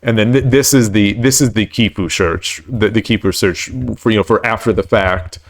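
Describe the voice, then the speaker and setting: A man with a slightly low voice talks through his online games at home on a live stream. He rambles and stumbles, repeating words as he thinks aloud. He keeps making light of his own losing run. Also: fairly even intonation, moderate pace. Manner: self-deprecating about his losses. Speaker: shogi streamer. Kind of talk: live-stream commentary while playing.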